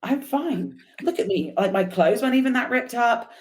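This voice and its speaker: A woman guest on a podcast, telling a personal story in an animated, chatty way with laughs and fillers. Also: fairly high pitch, brisk. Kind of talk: casual storytelling interview.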